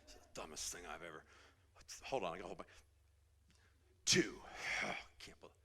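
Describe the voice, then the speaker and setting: A man preaching, telling a Bible story in a loose, animated way, sometimes dropping to a whisper for drama. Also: sits low, fairly quick, creaky, husky. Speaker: pastor. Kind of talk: sermon storytelling.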